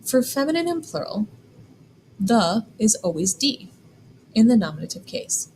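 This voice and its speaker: A woman explaining German grammar in a clear, deliberate lesson, slowing down to spell out examples. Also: on the high side, sing-song, darkish tone, a little hiss or hum, rough recording. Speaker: German teacher. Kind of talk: scripted classroom explanation.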